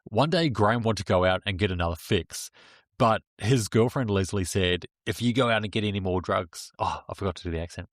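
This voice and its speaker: A man's voice: on the low side, a little fast, no room sound, studio quality. A man co-hosting a casual true-crime podcast, recounting the story plainly. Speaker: podcast co-host.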